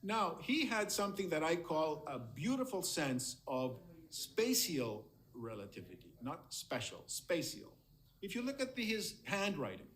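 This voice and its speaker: A man's voice: on the high side, fairly bright tone. A man giving a lecture on medical history over slides, admiring and emphatic, often repeating words for stress.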